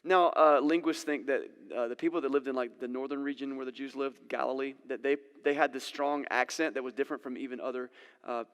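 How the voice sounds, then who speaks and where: A man's voice: medium pitch, steady tone, brisk, fairly bright tone, clear, resonant tone. A man preaching a sermon in a casual, conversational way, acting out the scenes he retells. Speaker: pastor. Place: church sanctuary. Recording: long church-hall reverb.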